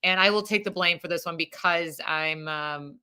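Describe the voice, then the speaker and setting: Female co-host, bright tone, playful, fast jokey delivery. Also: on the low side, smooth. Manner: playful, giggly, quick bursts. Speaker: podcast co-host. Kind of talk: casual sports chat.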